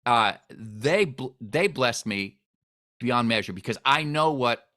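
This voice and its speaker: Lively, bright-voiced male storyteller. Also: slow pace. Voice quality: expressive storyteller, swings in pitch and volume. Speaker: host. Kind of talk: animated storytelling interview.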